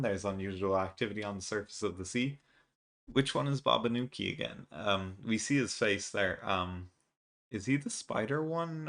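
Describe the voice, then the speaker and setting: This manga reaction video host has a fairly low, slightly bright voice. He goes over a comic chapter in a relaxed way, musing aloud and reading the characters' lines plainly.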